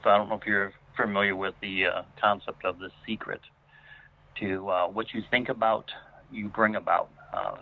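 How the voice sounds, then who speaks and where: A man telling a personal story as a guest, rambling with many fillers and restarts. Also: lowish voice. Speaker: guest paranormal investigator. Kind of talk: casual spoken storytelling. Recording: tinny phone line.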